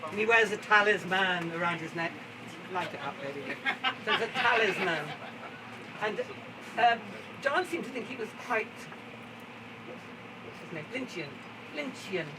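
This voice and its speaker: A fairly high-pitched man performs stories live in an outdoor garden, chatty and theatrical, with laughter never far away. He sounds set back from the mic, and steady background noise runs under his voice. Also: a little slow, long pauses. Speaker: storyteller. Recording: distant, noisy outdoor recording.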